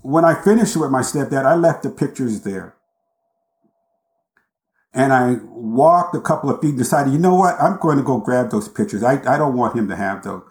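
A man recounting a personal story as a guest in an interview, speaking with intense, deliberate emphasis and dramatic pauses. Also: medium pitch, animated. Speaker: podcast guest. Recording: roomy echo.

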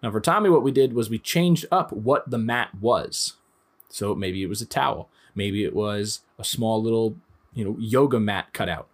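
A man's voice: on the low side, lively intonation, normal speed. A man in his thirties, a dog trainer giving an instructional talk in a conversational way, explaining through everyday examples.

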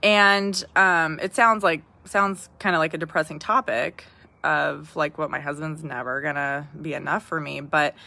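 A woman in her thirties with a deep, creaky, bright voice speaks at normal speed in a steady yet forceful tone. Hosting a podcast, she shares heartfelt personal reflections, is tearful at times, often restarts phrases and asks "right?"

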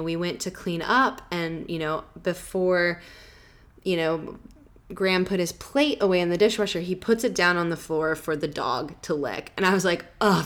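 Woman podcaster, slightly low voice, rambling travel story, lots of "like". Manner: rambling, full of "like" and "you know". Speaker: podcast host.

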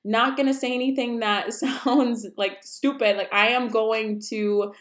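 A woman's voice: on the high side, fairly even intonation, unhurried. Chatty woman podcaster in an echoey room. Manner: chatty, rambling, says um and like often. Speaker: podcast host. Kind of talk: unedited casual solo podcast chat. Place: room at home, busy road outside.

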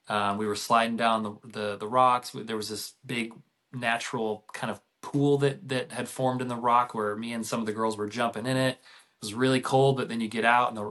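A man's voice: on the low side, fairly bright tone. A middle-aged man, a podcast guest, telling a family story in a casual, rambling way with many restarts.

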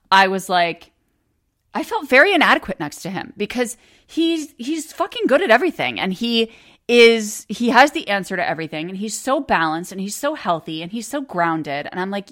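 A woman's voice: medium pitch, a bit bright. A woman in her forties hosting a podcast, telling a personal family story in a candid, casual way, swearing freely and laughing often. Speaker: podcast host.

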